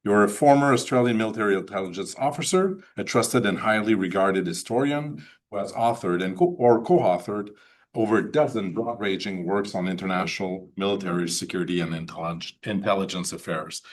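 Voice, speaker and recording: A man's voice: on the low side, brisk. A man with a Quebec French accent hosting and introducing a guest speaker, hesitant, with many fillers. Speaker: host, political science professor.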